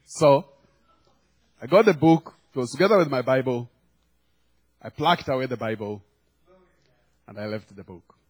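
A man's voice: medium pitch, normal speed, long pauses, breathy edge. A man preaching a sermon, telling a humorous story and acting out the quoted lines. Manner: storytelling with acted quotes and laughter.

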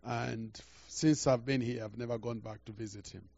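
An older man preaching a sermon through a story, halting and repeating words, swinging from quiet to loud. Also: mid-range voice, fairly even intonation, creaky, dry recording, muffled recording. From Uganda.

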